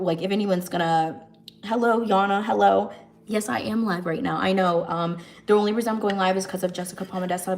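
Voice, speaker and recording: A woman talks casually on a livestream as she cooks, running through the plot of a movie. She narrates with animated energy and slips in and out of the characters' voices as she goes. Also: mid-range voice, a little hiss or hum. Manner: animated storytelling, jumps between narrating and acting out lines. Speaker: livestream host. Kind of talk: casual chat retelling a movie while cooking.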